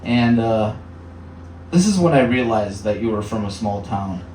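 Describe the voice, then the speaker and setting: A comedian in his thirties from the Upper Peninsula works a small bar crowd conversationally, slipping in filler words and putting on voices. His lowish, slightly mellow voice has lively intonation and a slightly slow pace. A distant mic in the echoey room adds a little hiss or hum.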